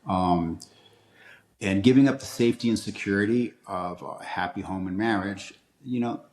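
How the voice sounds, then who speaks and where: A man's voice: on the low side, moderate pace, a little mellow. Upbeat older man with a Boston accent. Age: 60s. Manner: joking, upbeat, reflective. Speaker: interview guest. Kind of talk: conversational interview.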